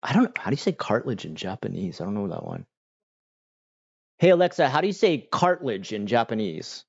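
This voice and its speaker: Male streamer, lowish voice, relaxed and slangy, dull mic. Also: fast, gravelly, husky. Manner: laid-back and slangy, filler-heavy. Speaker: livestream host answering chat. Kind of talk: casual livestream chat. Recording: dull lo-fi sound.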